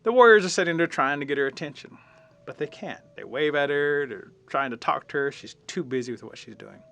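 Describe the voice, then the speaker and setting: Middle-aged male storyteller; folksy, lively, bright-toned oral telling. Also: a little high, brisk, gravelly. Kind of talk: oral folk tale telling.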